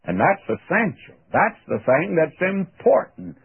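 Male radio Bible teacher, husky and earnest, folksy, tinny old broadcast sound. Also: high-pitched, sing-song, unhurried. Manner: folksy, earnest, addresses listener as "my friend".

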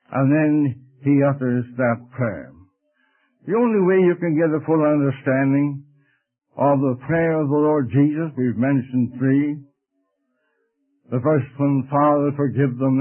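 A man preaching a sermon slowly and deliberately, drawing out the scripture he quotes. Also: mid-range voice. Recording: tinny phone-like radio broadcast.

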